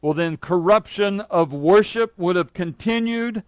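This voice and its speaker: A man's voice: sits high, a little slow, no room sound. A man preaching a sermon in an earnest, emphatic way, stressing words by repeating them, with an occasional light joke.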